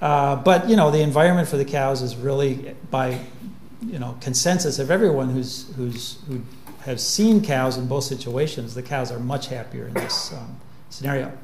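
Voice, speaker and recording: A man giving a public lecture in a relaxed, humorous way, with plenty of fillers. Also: mid-range voice, moderate pace, slight background noise. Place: lecture hall. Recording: echoey lecture room.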